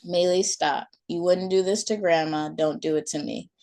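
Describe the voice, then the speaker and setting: A woman voicing a patient but firm young mother, gently scolding her child at bedtime. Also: on the low side, steady tone, normal speed, close to an everyday voice.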